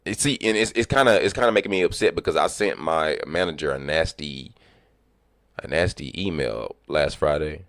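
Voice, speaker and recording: A man livestreaming, telling animated, profane stories about work and acting out what people said. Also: extremely low pitch, moderate pace, no echo, studio quality. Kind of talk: casual storytelling chat.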